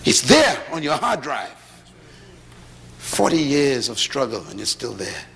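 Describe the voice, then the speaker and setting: A middle-aged man preaching a sermon to an audience, lively, with rhetorical questions and humorous storytelling. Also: mid-range voice, a little slow, gravelly, husky. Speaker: pastor. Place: large hall with audience. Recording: echoey hall, faint ambience.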